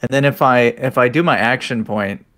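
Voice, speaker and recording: An easygoing man at a tabletop game, speaking with a voice of ordinary male pitch. He chats casually and counts out his moves aloud as he plays. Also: normal speed, fairly bright tone. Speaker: player.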